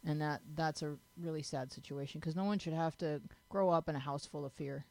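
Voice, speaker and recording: A woman's voice: low-pitched, fairly even intonation, brisk, creaky, darkish tone, no room sound. A woman hosting a teen panel talk show, giving frank advice in a chatty, joking way and often restarting her sentences.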